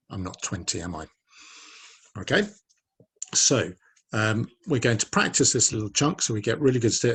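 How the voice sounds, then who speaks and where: A man's voice: medium pitch, slightly rough. A man in his forties teaching a French lesson to children, patiently drilling pronunciation and encouraging them to repeat. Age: 40s.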